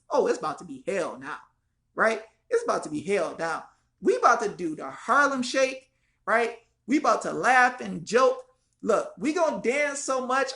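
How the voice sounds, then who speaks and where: Speaking straight to camera, an activist vlogger delivers a fiery, repetitive rant, swearing mildly and calling her viewers "y'all." Her voice sits a little high with a fairly bright tone.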